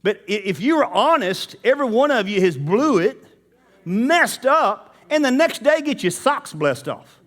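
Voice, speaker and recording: A man's voice: very high-pitched, sing-song, measured pace, fairly bright tone. A man preaching a sermon in church, talking casually and straight to the congregation. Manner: conversational, addresses the congregation directly.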